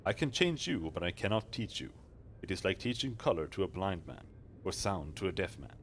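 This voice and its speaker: A lofty mystic woman from a fantasy game, as a male streamer puts her on, speaking in grave, old-fashioned phrases and looking down on whoever she talks to. Her pitch rides lively up and down, with a faint hum of room noise behind. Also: fairly quick. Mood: aloof. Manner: grave, archaic, condescending. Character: aloof mystic woman, power to reshape souls.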